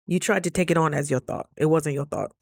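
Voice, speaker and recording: A woman talking casually to her camera, chatty and affectionate, calling her viewers baby and jumping up high when she quotes people. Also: fast, vocal fry, no room sound, clean studio sound. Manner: lively, jumps high for quoted voices. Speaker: vlogger.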